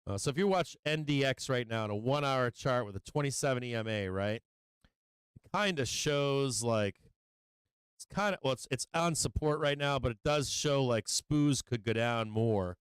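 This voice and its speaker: Speaking at a normal speed in a clean, mid-range voice, this middle-aged livestream host talks stocks with studio-quality, echo-free sound. His chatter about charts and money is profane and meandering, dropped between trade updates, with bursts of gleeful taunting.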